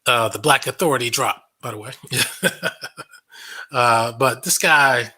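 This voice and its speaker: A man's voice: medium pitch, slow, bright, forceful tone, breathy edge. A man hosting a casual commentary monologue, blunt and sarcastic, swearing freely and laughing often. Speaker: online show host.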